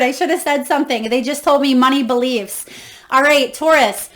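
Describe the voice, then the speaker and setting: A woman's voice: sits high, normal speed, a bit bright. A woman giving a tarot card reading to viewers, effusive and encouraging, reading guidebook passages aloud and exclaiming with emotion. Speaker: tarot reader.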